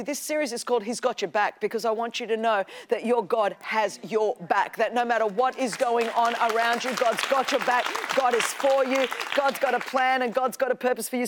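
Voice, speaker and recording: An Australian woman preaching a sermon on television, energetic and conversational with playful asides. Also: a little high.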